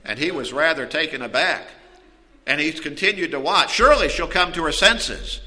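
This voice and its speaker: A man preaching a sermon, telling a story and swinging from quiet asides to loud outbursts. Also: fairly high pitch, expressive, moderate pace, in a large hall, rough recording. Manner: storytelling with wide swings in loudness.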